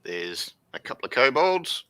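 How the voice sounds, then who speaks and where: A man's voice: mid-range voice, big pitch swings, unhurried, bright, forceful tone. A man narrating a tabletop fantasy game as game master, loose and rambling with fillers.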